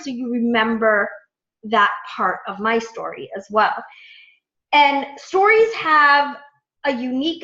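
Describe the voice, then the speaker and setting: A woman in her thirties telling a story to her coaching team in a chatty, animated way, full of quoted dialogue. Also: medium pitch. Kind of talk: casual storytelling talk to a team. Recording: echoey, dull lo-fi room sound.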